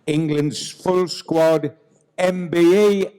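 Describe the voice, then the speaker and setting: Higher-voiced man hosting on stage. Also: steady tone, very slow, dark tone, clear, resonant tone, in a large hall. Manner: announcer-style build-up. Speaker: event host. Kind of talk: stage introduction and interview. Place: theatre stage.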